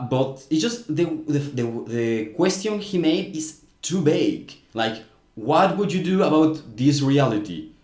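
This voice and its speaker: A man giving casual video commentary on clips, thinking aloud in a frank, critical way. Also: mid-range voice. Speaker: language commentator. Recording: roomy echo.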